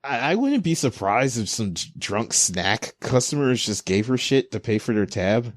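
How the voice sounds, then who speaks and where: A young man hosting a casual podcast, animatedly recapping manga and acting out the characters' lines in quick voices. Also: mid-range voice, sing-song, no echo, clean studio sound. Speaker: podcast host.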